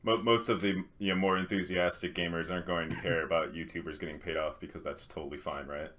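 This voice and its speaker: A young man co-hosting a podcast in casual chat, animated and swearing, with frequent restarts. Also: low-pitched, fast talker, slight background noise. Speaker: podcast co-host.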